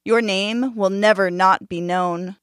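A woman voicing a gentle male forest god king in a storybook, speaking in a solemn, pleading tone. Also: mid-range voice, fairly even intonation, takes it slowly, clean tone, no echo, studio quality, close to an everyday voice.

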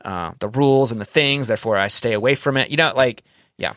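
A man's voice: mid-range voice, brisk, a bit bright, no echo, studio quality. A man co-hosting a podcast in casual chat, rambling and correcting himself, candid and swearing now and then. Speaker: podcast co-host.

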